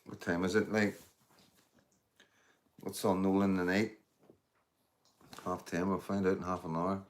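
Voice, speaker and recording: Man, middle-aged, lowish voice, casual livestream chatter, rambling, calls viewers mate. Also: flat delivery, unhurried. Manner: rambling, swears freely, addresses viewers as mate and guys. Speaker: livestream host. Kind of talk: casual live chat with viewers.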